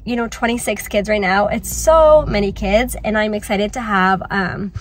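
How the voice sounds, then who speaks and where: A young woman teacher chatting excitedly in a casual vlog, with many "like"s. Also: mid-range voice, normal speed, a little hiss or hum. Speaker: teacher and vlogger.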